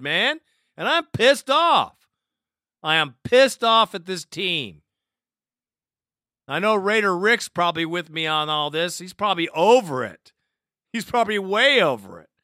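A man's voice: on the high side, sharp tone, smooth, dry recording, studio quality. A man hosting a sports talk show, ranting in a heated, profane way and taking listener calls. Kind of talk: angry fan talk show rant.

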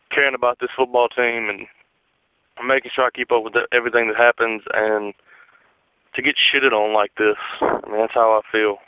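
A man's voice: fairly low pitch, clean tone, no echo. A disgusted male caller venting and swearing about his team on a call-in show. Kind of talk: call-in rant. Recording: dry phone line.

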